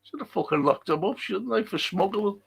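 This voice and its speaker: A man's voice: sits high, lively intonation, moderate pace, gravelly, husky. A man hosting a live fan show, reading viewer comments and ranting bluntly with plenty of swearing. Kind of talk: live-stream chat reading and rant.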